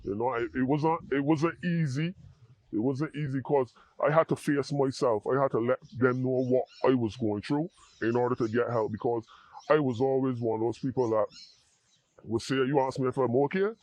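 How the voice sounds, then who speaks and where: A man speaks in a dry, close voice with an earnest, halting delivery. He often restarts and repeats words as he works through a personal testimony. His pitch sits in an ordinary middle range for a man. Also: fairly even intonation, a little mellow, no room sound. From Barbados. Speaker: interview guest in addiction recovery.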